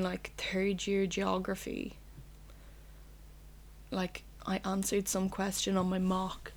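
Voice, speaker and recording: A young woman with an Irish accent, hosting a solo podcast from her bedroom in a candid, rambling way, swearing freely. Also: mid-range voice. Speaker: podcast host. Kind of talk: casual solo podcast chat.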